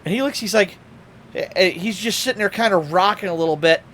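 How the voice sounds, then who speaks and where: A man's voice: high-pitched, brisk, a bit bright, slight background noise. A man streaming live, telling stories in casual chat, swearing and acting out what people said. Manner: storytelling, swearing, acting out quotes.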